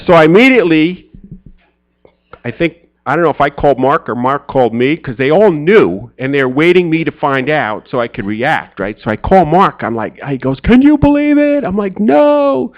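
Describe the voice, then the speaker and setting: Speaking at a men's church gathering, a middle-aged man tells a personal story in a storytelling sermon. He's animated, acting out his friends' lines in a high, excited voice, at a normal speed, and the audio has its highs cut off.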